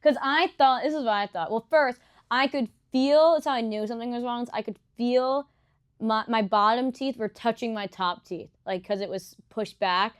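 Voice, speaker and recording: A woman's voice: a little high, normal speed. A young woman chatting casually on a podcast, often laughing as she tells a story. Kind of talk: casual chat.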